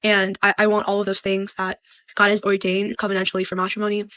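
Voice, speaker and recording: A woman's voice: mid-range voice, monotone, quick pace, a bit bright. A woman in her twenties vlogging earnestly and sounding discouraged. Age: 20s. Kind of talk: vlog.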